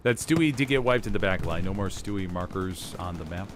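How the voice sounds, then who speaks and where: Guy casting a game match live, lowish voice, laughs at himself, gunfire and artillery going off behind him. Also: animated, fairly quick, background noise. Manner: chatty, self-deprecating, talks to stream chat. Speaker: esports caster. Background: war game battle sounds, artillery and gunfire.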